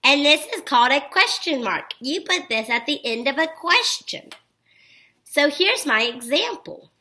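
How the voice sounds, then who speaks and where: Speaking at a measured pace in a high voice, this female teacher runs a phonics lesson for small children. Her example sentences come out exaggerated and expressive, and she stays upbeat with plenty of encouraging praise.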